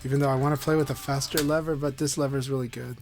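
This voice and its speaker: A man's voice: mid-range voice, fairly even intonation, very fast, over music. Upbeat man streaming a fighting game. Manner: upbeat and encouraging, chatting with viewers. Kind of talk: casual live-stream commentary.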